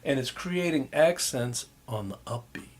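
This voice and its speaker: A man's voice: medium pitch, lively intonation. A man teaching a music class, loosely explaining jazz rhythm and scatting and humming the patterns to demonstrate. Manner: scats and hums rhythms to demonstrate; unhurried, loose, with many fillers. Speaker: music instructor. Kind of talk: recorded lecture.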